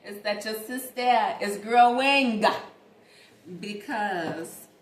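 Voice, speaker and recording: A woman's voice: medium pitch, drawn-out words. A young woman talking casually and animatedly straight to her viewers in a late-night vlog. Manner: chatty, animated, talks straight to viewers as "y'all". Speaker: vlogger. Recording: echoey room with faint ambient noise.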